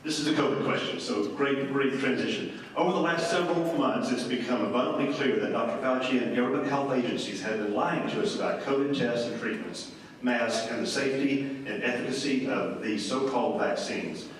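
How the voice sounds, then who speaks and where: A man moderating a town hall, briskly reading out audience questions. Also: mid-range voice. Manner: brisk, reads written questions. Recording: echoey hall recorded from a distance.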